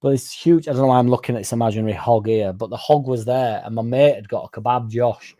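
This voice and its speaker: A young man rambles and swears his way through a casual livestream, greeting viewers by name as he reads their comments. His voice sits in the middle of the male range and has a dark, mellow tone. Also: medium pitch, fast talker. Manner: rambling, sweary, jumps off on tangents. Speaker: fan channel livestream host.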